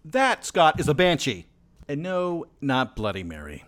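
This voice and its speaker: A man's voice: a little high, sing-song, a little slow, fairly bright tone. A man co-hosting a comedy podcast in casual, playful, theatrical chat, with music behind. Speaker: co-host.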